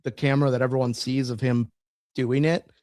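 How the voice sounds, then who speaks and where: Speaking fairly quickly with a flat delivery, this man co-hosts a podcast in a medium-pitched, slightly mellow voice. His casual chat rambles, full of fillers and restarts, and the clean studio sound has no room sound.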